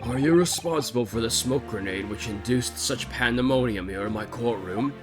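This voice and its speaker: Stern formal game judge, read by a man streamer, measured diction, music in the background. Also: mid-range voice, natural voice. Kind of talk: game dialogue read aloud.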